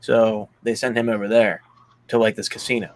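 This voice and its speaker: On a casual movie podcast, a young male co-host recaps the plot in a rambling way, packed with "like" and acted-out quotes. His voice is lowish, with little pitch movement and a normal speed.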